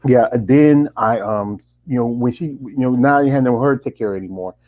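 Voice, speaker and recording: Man, 40s, interview host; loose, rambling delivery full of restarts, middle pitch. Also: brisk, muffled recording. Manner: rambling, with many restarts and fillers. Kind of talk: casual interview chat.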